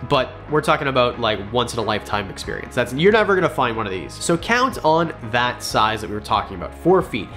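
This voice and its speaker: A man's voice: mid-range voice, fairly bright tone. A man hosting a pet-snake vlog, explaining care tips in a chatty, enthusiastic way with jokey asides. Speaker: reptile channel host. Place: home with pets around.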